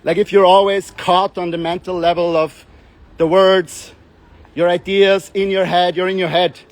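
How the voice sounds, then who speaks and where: Man, young adult, high-pitched voice, casual coaching monologue, joking and rambling, acts out voices. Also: level tone, normal speed, no room sound. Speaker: self-development coach. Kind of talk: casual monologue with playful voice demonstrations.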